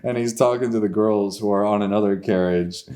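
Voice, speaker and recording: A man's voice: fairly low pitch, fairly even intonation, brisk, mellow. A man improvising a comedy story on a podcast, rambling and swearing, often laughing.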